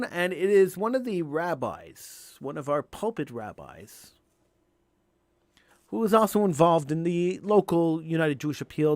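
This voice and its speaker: A male radio talk show host delivering an impassioned, emphatic monologue, building to near-shouting on key points. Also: on the high side, no echo.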